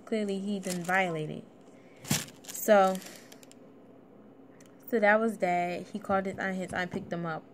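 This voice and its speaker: A woman's voice: medium pitch, a little hiss or hum. A young woman, a little out of breath, telling a casual personal story in a blunt, swearing vlog style. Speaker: vlogger.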